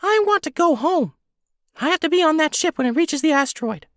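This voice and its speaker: A squeaky helium-voiced alien creature. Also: male voice, animated, a little fast, a bit bright, no room sound, clean studio sound, exaggerated voice. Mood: insistent. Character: squeaky little alien tutor creature, male, eager.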